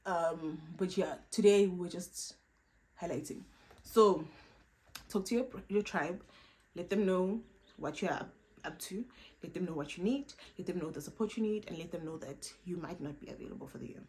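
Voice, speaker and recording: A woman's voice: fairly low pitch, normal speed, a little mellow, poor audio. A young woman giving casual, emphatic career and study advice in a vlog, repeating her points with playful asides. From South Africa. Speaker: vlogger.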